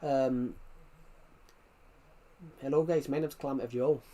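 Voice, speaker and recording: A man's voice: mid-range voice, moderate pace, a little hiss or hum. A young man with a working-class southwest England accent, chatting casually on a live stream, rambling and repeating himself as he reads the chat aloud.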